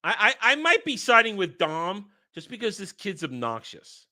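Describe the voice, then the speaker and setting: This streamer from New York reacts to clips in casual commentary, cursing heavily and faking indignation. He speaks at normal speed in a high, sharp, very animated voice.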